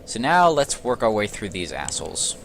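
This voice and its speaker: A man's voice: lowish voice, sing-song, normal speed, creaky, slight background noise. A young man hosting a let's play, joking and sarcastic as he talks through the game and swears casually. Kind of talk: casual gameplay commentary.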